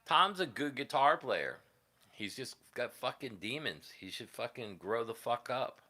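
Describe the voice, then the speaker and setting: His mid-range voice sounds pushed and bright, animated but unhurried. He's a guitarist running a casual livestream, spinning rambling, foul-mouthed stories from his time as a musician and cracking himself up.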